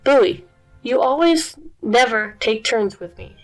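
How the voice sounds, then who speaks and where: A woman's voice: a little high, animated, slow pace, faint music behind, poor audio. A woman reading aloud and voicing a whiny little sister puppy with a pleading tone.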